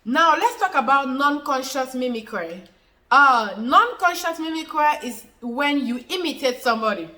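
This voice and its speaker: Speaking informally to camera, a woman who educates on health fields viewer questions, restating every point more than once with lots of fillers. She sounds high-pitched, expressive, pushed and bright at a moderate pace, though the audio is poor.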